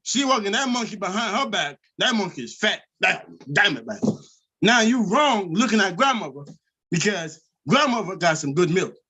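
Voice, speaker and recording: A man hosting a live stream, telling rambling comedic stories loudly and animatedly. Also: high voice, moderate pace, breathy edge. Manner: loud, rambling, animated storytelling. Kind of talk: unscripted comedic rant.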